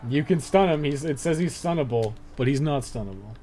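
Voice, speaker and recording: A man's voice: medium pitch, expressive, fairly quick, mellow, slight background noise. A young man playing a dungeon game on a live stream, muttering and swearing through casual commentary. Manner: laid-back, swears a lot, muttering asides.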